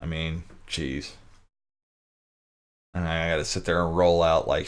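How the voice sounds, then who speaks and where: A man's voice: extremely low pitch, level tone, a little slow. A man hosting his own live-stream talk show, chatting casually with viewers, full of restarts and jokey asides.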